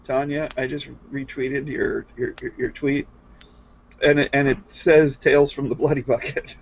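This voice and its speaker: A man player in a tabletop game stream, chatting in a halting, hesitant way on a dull lo-fi mic. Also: mid-range voice, steady tone, slight background noise. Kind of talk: casual chat among players.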